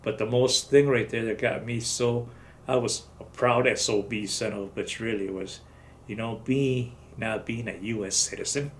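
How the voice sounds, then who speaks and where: A man's voice: mid-range voice, fairly even intonation, normal speed, slight background noise. A man in his seventies, an army veteran giving an oral history interview, telling his story bluntly with salty language. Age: 70s. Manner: salty, blunt retelling with profanity.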